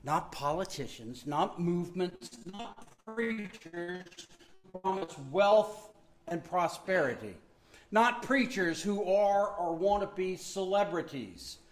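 Slow, emphatic male pastor preaching. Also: sits high, lively intonation, soft background music. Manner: emphatic, slowing down on key words, dropping to a soft hush; admits his own weariness. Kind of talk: sermon.

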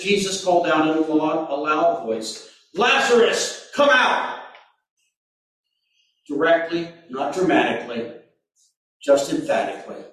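A man preaching a sermon, slow and deliberate, with sudden emphatic bursts. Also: fairly high pitch. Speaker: pastor. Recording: very echoey room, mic far off.

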